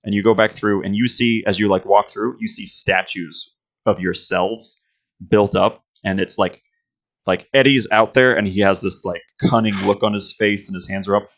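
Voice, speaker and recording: A man's voice: fairly low pitch, fairly even intonation, normal speed, a bit bright. A man running a tabletop game as game master, narrating scenes in a rambling way full of fillers. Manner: rambling, filler-heavy description.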